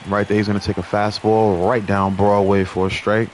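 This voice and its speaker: A young man giving play-by-play commentary over a baseball video game, chatty with viewers and lively on big plays. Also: lowish voice, moderate pace, a little hiss or hum. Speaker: gaming channel host.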